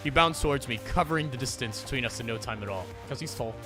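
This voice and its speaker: A man's voice: medium pitch, quick pace, hardly any pauses, bright, forceful tone, faint music behind. A man streaming a visual novel, reading it aloud with playful, wry asides.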